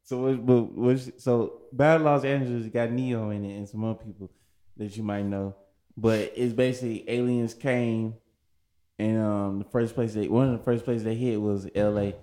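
A man's voice: lowish voice, fairly even intonation, normal speed, warm tone. A man hosting a casual group chat, loose and rambling as he pushes a question on his friends.

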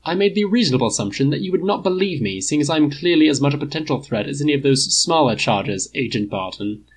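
A man's voice: a little high, lively intonation, fast talker, slight background noise. A man voicing a formal, judgmental artificial-intelligence butler with a clipped, dry delivery.

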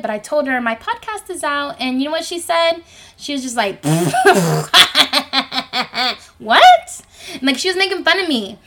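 A woman in her twenties with a high, girlish voice, rambling self-consciously through a solo podcast recorded in her bedroom. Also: fairly bright tone. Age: 20s. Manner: rambling, self-conscious, chatty with frequent fillers. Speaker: podcast host. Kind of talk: solo podcast monologue, casual chat. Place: home bedroom. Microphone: microphone.

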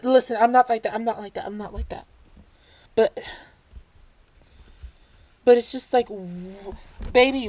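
A woman telling a casual storytime rant, animated, swearing, full of restarts and asides. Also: on the high side, dry recording.

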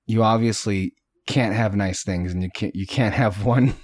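A man co-hosting a podcast in casual chat, swearing freely and retelling cartoon scenes with quick mock voices. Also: fairly low pitch, a little mellow. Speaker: podcast co-host.

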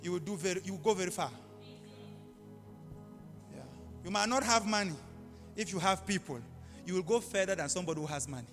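A man's voice: high-pitched, fairly quick, pauses often, fairly bright tone, long reverb tail, faint music behind. A male pastor preaching a live sermon, telling stories with acted-out voices and animal sounds.

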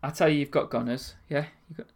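In a laid-back, laughing podcast chat, a young adult male co-host spins lively stories at a quick pace. His pitch runs a little high.

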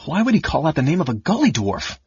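A man voicing a blunt, worried warrior general with a gruff, low manner. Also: fairly quick, dry recording, muffled recording. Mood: demanding.

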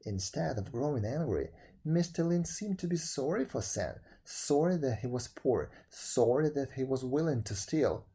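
A man reading a folk tale aloud in a measured, even narrating voice. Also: mid-range voice, breathy edge. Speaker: storyteller. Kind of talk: storybook read-aloud.

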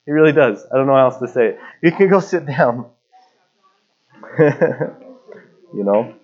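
The dull lo-fi recording captures a thirty-something male pastor with a darkish mid-range voice, lively intonation, and a slightly slow pace. He preaches conversationally, telling stories and dropping in casual fillers.

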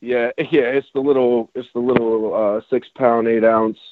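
A man's voice: mid-range voice, fairly even intonation, a little slow, no echo. Man talking over a tinny phone-like line. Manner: rambling, restarts often, explaining. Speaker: rapper and songwriter guest. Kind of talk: casual podcast conversation.

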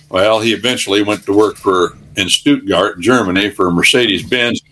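A man's voice: medium pitch, normal speed, a bit bright. An older man, a guest on a talk radio show, telling folksy, rambling stories and preaching in a plain, homespun way.

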